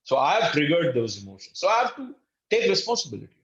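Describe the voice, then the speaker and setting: A man's voice: fairly high pitch, sing-song, fast, fairly bright tone, roomy sound, lo-fi sound. A man teaching an online course lecture in an earnest, emphatic way, speaking to listeners as friends and acting out short quoted exchanges. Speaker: course instructor.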